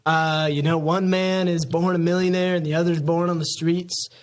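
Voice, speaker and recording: A man's voice: fairly high pitch, level tone, normal speed. A young man in his late teens, a student guest on a podcast, musing in a rambling, mock-preachy way. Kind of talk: casual podcast chat.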